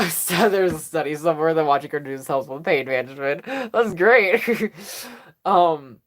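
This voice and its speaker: A woman chats through a casual fan livestream, her voice sitting a little low. She rambles from thought to thought, giggling often and pausing to cough. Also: lively intonation. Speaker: livestream host.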